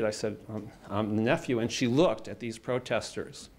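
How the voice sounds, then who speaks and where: A man from the United States giving a keynote speech, telling a personal story in a halting way with many fillers and restarts. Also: medium pitch, fairly even intonation. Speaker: keynote speaker. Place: indoor event hall.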